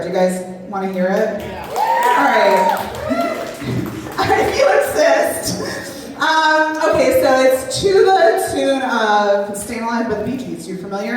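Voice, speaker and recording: On a brewery stage at a live show, a woman with a mid-range voice performs a stand-up set, heard from a distance. Her comedy is rambling and self-deprecating, full of fillers, while the echoey hall carries a loud crowd and audience laughter.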